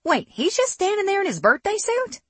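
A woman's voice: very high voice, very animated, normal speed, a bit bright, no echo, voice pushed up, heavily acted. A narrator voicing a blind young woman with a Southern accent, playful and cheeky. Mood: teasing.

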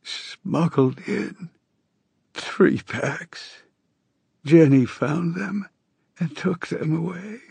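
Man doing a hoarse dying old woman. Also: on the high side, a little mellow, no room sound, pitched above the performer's own voice, exaggerated voice. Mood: weary, rueful. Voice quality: hoarse, breathy, wheezing. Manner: faltering, halting speech. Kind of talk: audiobook character voice.

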